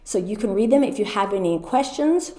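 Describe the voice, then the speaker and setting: A middle-aged American woman explaining classroom routines to teachers in a clear, patient way, sounding out words slowly. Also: mid-range voice, expressive, dark tone. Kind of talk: teacher training presentation. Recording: echoey room.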